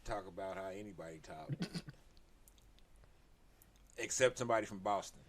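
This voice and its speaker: Laid-back man, low voice. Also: normal speed. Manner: laid-back, slips into goofy impressions. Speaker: podcast co-host. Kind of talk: casual sports banter.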